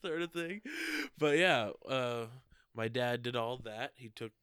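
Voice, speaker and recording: A man co-hosting a podcast in casual chat, halting with many fillers and restarts. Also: medium pitch, fairly bright tone, clean tone, no room sound. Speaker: podcast co-host.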